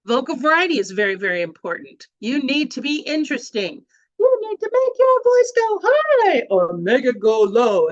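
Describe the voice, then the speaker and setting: A woman presenting a speaking workshop over a video call, chatty and animated, often restarting her sentences. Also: mid-range voice, no room sound, lo-fi sound.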